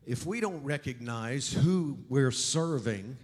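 Brief: male pastor, fairly high voice, chatty emphatic sermon with humor. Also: a little slow. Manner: conversational, emphatic, joking asides.

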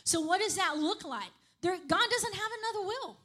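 Brief: woman preacher, high voice, chatty sermon delivery that keeps asking "right?". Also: animated, normal speed, bright, forceful tone. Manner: conversational, repeats "right?" and "okay?" to the congregation.

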